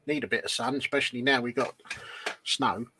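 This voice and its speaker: A man's voice: mid-range voice, fairly quick, pushed and bright, a little hiss or hum. A man co-hosting a casual live chat, mostly agreeing and adding dry little asides. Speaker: co-host.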